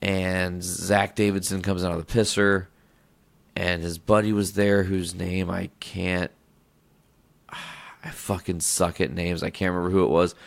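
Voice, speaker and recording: A low-voiced man with a gravelly, fry-heavy tone, spinning a casual podcast story. He swears freely and keeps cutting himself off to restart his sentences, so it wanders in a loose, unpolished way. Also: flat delivery, measured pace. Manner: rambling, profane, self-interrupting. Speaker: podcast host.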